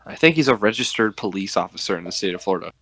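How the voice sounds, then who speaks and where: A man's voice: on the low side, lively intonation, racing, fairly bright tone, no room sound. Crude rambling man in casual chat. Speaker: podcast co-host.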